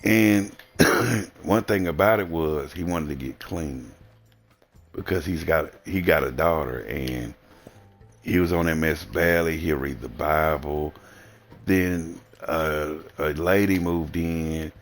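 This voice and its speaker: A Southern American man talks in a low, gravelly voice, bluntly and in a rambling way. He swears freely through a casual livestream rant. Soft music plays faintly behind him. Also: takes it slowly. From Southern United States. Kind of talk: casual ranting monologue.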